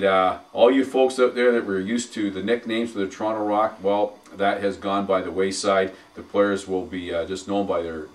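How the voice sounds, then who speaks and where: A man co-hosting a casual sports talk show who speaks in halting bursts full of fillers, building up enthusiasm as he goes. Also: low-pitched, far from the mic. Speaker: podcast co-host and arena announcer.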